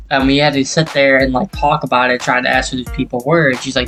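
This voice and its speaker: A man's voice: mid-range voice, fast talker, creaky, soft background music. A man in his late twenties telling a personal story in a casual, rambling way while playing a game, with lots of swearing. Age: 20s. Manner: rambling, profane, animated when retelling. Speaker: gaming YouTuber. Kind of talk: casual storytelling over gameplay.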